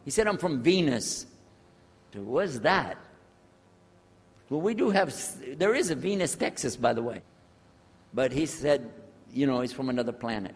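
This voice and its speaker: An older American man telling his own story to an audience, acting out the dialogue with big swings in loudness. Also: on the high side, big pitch swings, moderate pace. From USA. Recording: long hall reverb.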